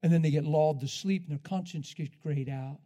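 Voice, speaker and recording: Animated high-voiced male preacher. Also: a little fast. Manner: animated, laughing, swings from loud to hushed. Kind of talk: sermon.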